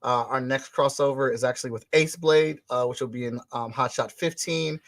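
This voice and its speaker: A man's voice: medium pitch, moderate pace, fairly bright tone, no echo. Easygoing man as an interview guest. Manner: grateful, easygoing, many fillers. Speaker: comic book creator guest. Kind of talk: casual interview answers.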